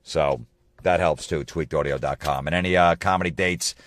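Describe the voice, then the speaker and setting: A man hosting a comedy podcast, ranting in a profane, exasperated way and mocking people with quick impressions. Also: very deep voice, fairly even intonation, fairly bright tone, no room sound.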